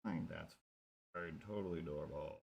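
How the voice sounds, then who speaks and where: A man's voice: deep voice, normal speed, gravelly, a little mellow, breathy edge. A man hosting a live stream while he draws, rambling and joking to himself and his viewers in a casual chat. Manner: rambling, jokey, talks to himself. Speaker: streamer drawing cat comics.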